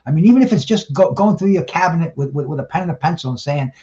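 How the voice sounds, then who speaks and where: A fairly high-voiced man talks plainly and bluntly on a panel. He often trips over his words and restarts. The recording sounds dull and lo-fi. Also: expressive, fast, hardly any pauses, mellow. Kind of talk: casual panel talk.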